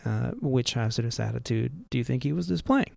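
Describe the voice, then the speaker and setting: Gravelly-voiced man telling pilot stories. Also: mid-range voice, animated, fairly quick, a little mellow, dry recording. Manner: conversational, asks listener questions. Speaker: airline captain and podcast host. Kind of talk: casual storytelling.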